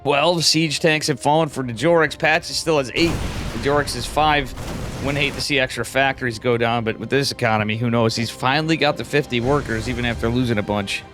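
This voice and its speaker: Man, tired, esports caster, casual chatty commentary, mid pitch, game music clearly behind. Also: steady tone, brisk. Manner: casual and chatty, rising sharply when a fight breaks out. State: tired, yawning. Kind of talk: solo live game commentary.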